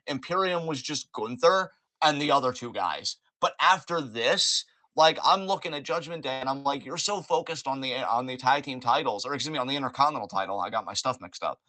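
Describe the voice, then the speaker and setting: A man hosting a podcast, recapping events in an animated, joking way with plenty of swearing. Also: medium pitch, moderate pace, no echo. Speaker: podcast host. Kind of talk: casual wrestling recap chat.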